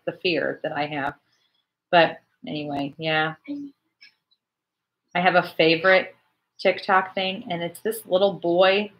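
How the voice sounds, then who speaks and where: Reading comments from viewers, a fortysomething woman with a voice on the low side hosts a relaxed, lively church livestream chat.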